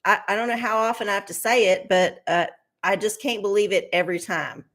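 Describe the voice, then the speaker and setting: A woman's voice: medium pitch, steady tone, fairly quick, fairly bright tone. A woman hosting a live tarot stream, chatting casually with her viewers, swearing freely and laughing often, from her home setup under studio lights. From Texas.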